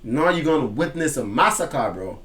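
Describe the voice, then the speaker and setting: A man hosting a music reaction, explaining lyrics line by line in casual, slangy talk with loud excited outbursts. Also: a little high, moderate pace.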